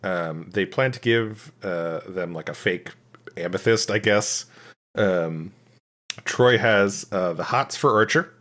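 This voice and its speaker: A man with a fairly low voice walks through an episode recap in casual podcast chat. He talks loosely, full of ums and restarts, narrating each scene. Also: slow pace, a bit bright. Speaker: podcast co-host.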